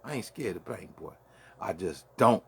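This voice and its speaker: A man's voice: on the low side, expressive, moderate pace, gravelly, a bit bright, a little hiss or hum. A man with a Brooklyn accent hosting a late-night solo rant from his man cave, full of boastful, profane trash talk. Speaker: host.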